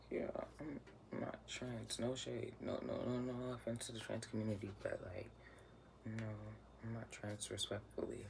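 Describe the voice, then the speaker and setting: A man's voice: medium pitch, flat delivery, normal speed, creaky, a little mellow. A young man casually telling a personal story, chatty and slangy, often dropping to a near whisper. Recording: noisy room ambience.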